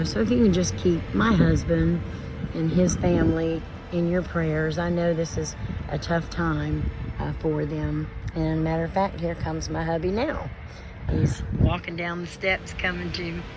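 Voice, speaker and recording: A woman talking slowly in a halting, filler-filled way, grieving as she speaks to her vlog audience. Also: lowish voice, noisy background. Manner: slow, halting, with many fillers. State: emotional, grieving. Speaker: homestead vlogger. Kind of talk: personal vlog to camera. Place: outdoors.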